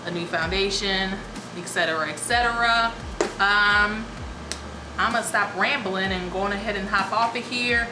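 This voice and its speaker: A woman's voice: mid-range voice, reverberant, background noise. A young woman chatting casually in a rambling, self-amused way as a beauty vlogger, a little out of breath. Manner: chatty, rambling, laughs at herself. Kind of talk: casual vlog chat.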